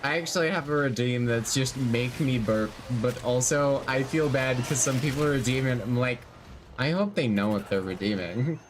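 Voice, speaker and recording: A man's voice: mid-range voice, normal speed, noisy background. A man streaming a game, chatting casually with friends in a laid-back, chuckling, rambling way. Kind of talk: casual gaming chat with friends.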